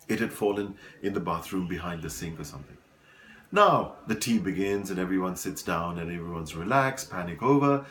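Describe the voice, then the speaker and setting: A man's voice: sits low, a little fast, a little hiss or hum. A man giving a motivational talk, telling stories and speaking to his listeners as folks, repeating words for emphasis. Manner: animated storyteller addressing listeners as folks.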